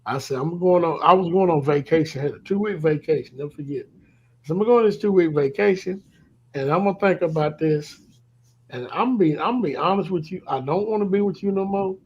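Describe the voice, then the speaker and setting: Husky man telling a candid story. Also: fairly high pitch, brisk, dull audio. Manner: candid, confessional, trails off softly at times. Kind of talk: casual storytelling chat.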